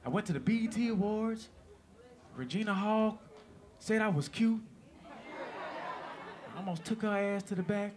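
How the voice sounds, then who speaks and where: A man doing stand-up, telling an animated, profane story on stage and laughing through it. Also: high voice, moderate pace, pauses often, background noise. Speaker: stand-up comedian. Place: stage before a live audience. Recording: live show with crowd.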